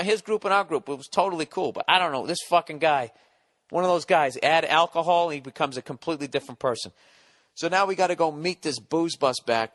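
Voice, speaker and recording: Bright-voiced man telling a profane story. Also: mid-range voice. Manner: animated, profane and blunt. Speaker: comedian guest on a podcast.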